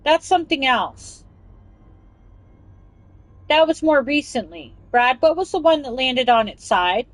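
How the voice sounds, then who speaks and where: A woman's voice: sits high, sing-song, unhurried, long pauses, dry recording, poor audio. A woman hosting a casual chat show, reading news aloud and rambling off on tangents with giggles. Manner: rambling, giggly, talks over herself. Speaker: podcast host.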